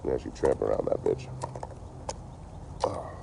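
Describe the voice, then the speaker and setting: A man's voice: rumbling low, moderate pace, creaky, heavy background noise. A man from the Boston area, chatting casually on a livestream outdoors, rambling and swearing freely. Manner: rambling, profane, laid-back. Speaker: traveling livestreamer. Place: outdoors behind a store. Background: faint passing vehicles.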